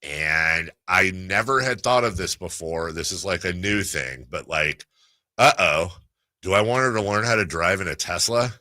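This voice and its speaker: A middle-aged man hosting sports talk radio, telling stories in a casual, animated way. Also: low voice, moderate pace, dry recording. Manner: animated storyteller, puts on voices in quotes. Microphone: studio microphone.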